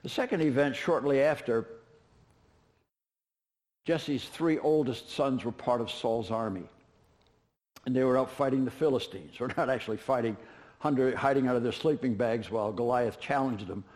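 A man's voice: medium pitch, moderate pace, long pauses, a little mellow. A man preaching a sermon, retelling scripture in a casual, storytelling way with offhand asides. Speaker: pastor.

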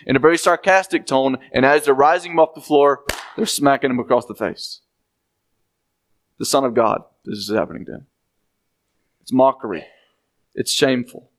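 A man leads a verse-by-verse Bible lesson in an explanatory, emphatic way. His voice sits in an ordinary middle pitch, and he often repeats words for weight. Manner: explanatory, emphatic, acts out quoted speech with rising pitch. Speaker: Bible teacher.

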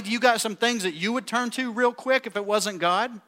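A man in the pulpit delivers an animated sermon with a somewhat high, bright and forceful voice. He reads scripture aloud and keeps turning to the congregation with questions. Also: moderate pace. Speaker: pastor. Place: church.

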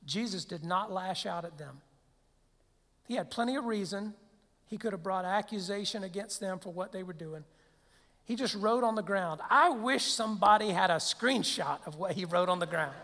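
A man's voice: high voice, moderate pace, sharp tone. A man preaching a sermon as pastor, conversational, with rhetorical questions and frequent restarts. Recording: long hall reverb.

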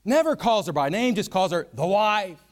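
A man gives a Bible teaching in an earnest, conversational way. He speaks in a fairly high voice and builds his points with vivid everyday examples. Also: animated, moderate pace. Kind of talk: sermon.

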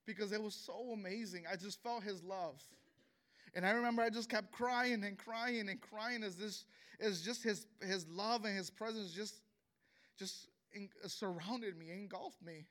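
A man, a pastor, telling a personal testimony in an earnest, emotional way, often halting and repeating words as he talks. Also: sits high, a bit bright.

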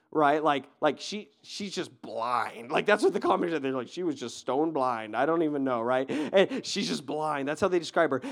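A male pastor giving a sermon, telling a story in a loose, conversational way, often checking in with "right?" and laughing. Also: on the high side.

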